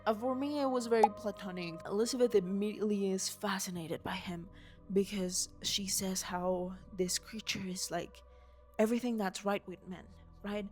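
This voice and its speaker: A woman's voice: mid-range voice, fairly even intonation, normal speed, a little mellow. A young woman with a mid-range voice gushes through an unscripted rant, tumbling from one thought to the next and cursing casually. She talks into a handheld mic that she swings around at home, with faint music underneath. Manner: gushing, rambling, swears casually. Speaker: vlogger. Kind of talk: unscripted excited movie rant. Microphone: handheld mic waved around.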